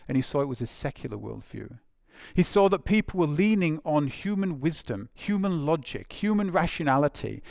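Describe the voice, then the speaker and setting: A man's voice: on the high side, dry recording, studio quality. A man preaching a sermon in a conversational way, with frequent fillers and phrases repeated for emphasis.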